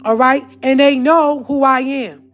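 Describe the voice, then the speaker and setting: A woman's voice: high voice, steady tone, measured pace, fairly bright tone, faint music behind. A woman hosting her own channel, ranting in a heated, confrontational monologue to her viewers. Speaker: channel host. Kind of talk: ranting live-stream monologue.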